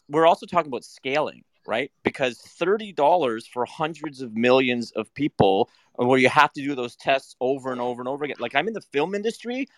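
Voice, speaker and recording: A man from the film industry taking part in a casual debate. He makes measured, hedging points and says he is just asking questions. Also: mid-range voice, vocal fry, fairly bright tone, no echo.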